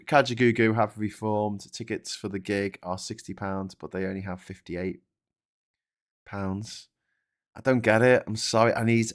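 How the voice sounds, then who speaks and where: A man hosting a live stream, chatting casually, joking, swearing freely and reading out viewer comments. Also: lowish voice. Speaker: livestream host.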